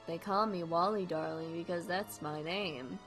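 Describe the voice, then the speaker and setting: A woman voicing a deadpan, sweet male puppet-like neighbor who talks quietly and flatly. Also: lowish voice, unhurried, faint music behind.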